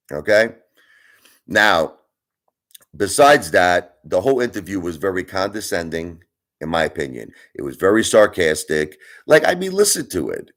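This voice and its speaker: A man hosting his own channel, ranting at his viewers in a casual way, emphatic and argumentative, often asking "you understand?". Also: deep voice. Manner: argumentative, speeds up and slows down for emphasis. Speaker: channel host. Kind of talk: casual opinion rant to viewers.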